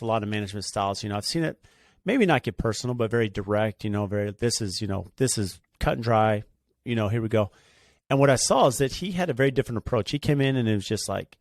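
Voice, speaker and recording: A man's voice: lowish voice, creaky, dry recording, studio quality. A man who works as a home builder, talking casually about business and peppering his speech with "you know". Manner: fast, chatty, many fillers like "you know". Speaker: home builder, podcast co-host.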